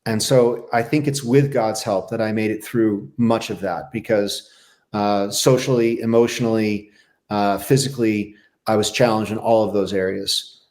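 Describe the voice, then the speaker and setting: A middle-aged man and former Navy SEAL, a podcast guest telling his life story in a candid, halting, reflective way. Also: fairly low pitch, steady tone, darkish tone. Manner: reflective, halting, with many restarts.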